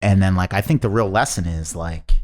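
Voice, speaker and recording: Male comedian guest, very low voice, rambling casual storyteller. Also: a little fast, soft background music. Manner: rambling, animated storyteller, laughs mid-story.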